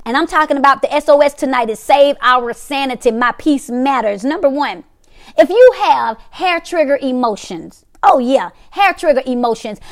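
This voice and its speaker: A middle-aged woman hosting a weekly talk, teaching in an emphatic, repetitive motivational way and acting out reactions. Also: high voice. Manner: emphatic, repeats phrases, acts out reactions.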